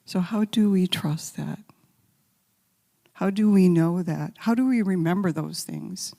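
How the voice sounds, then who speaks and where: A woman giving a spiritual talk as guest speaker, telling stories gently and sometimes dropping to a soft whisper, then leading a guided meditation. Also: fairly low pitch, unhurried, creaky. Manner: gentle, intimate storytelling, drops to soft whispers. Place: large sanctuary. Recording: long hall reverb.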